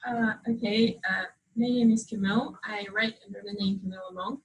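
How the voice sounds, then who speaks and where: A woman's voice: mid-range voice, fairly even intonation, rough recording. A French woman, a native French speaker with a strong French accent, giving a hesitant but wry talk to an audience as an author. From France. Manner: hesitant, many pauses, wry humor. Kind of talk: informal speech to an audience. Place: event hall with live audience.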